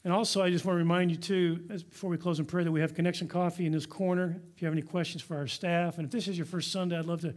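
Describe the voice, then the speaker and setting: A man's voice: sits high, flat delivery, racing, few pauses. A man preaching a sermon as pastor in a church, earnest and exhorting his congregation. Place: church sanctuary.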